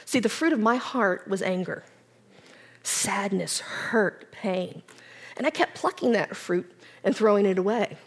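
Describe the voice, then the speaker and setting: A woman giving an earnest personal testimony as a church speaker, swinging from strong declarations to soft, near-whispered reflection. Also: medium pitch, animated, a little slow, breathy edge. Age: adult with children. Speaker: women's ministry speaker.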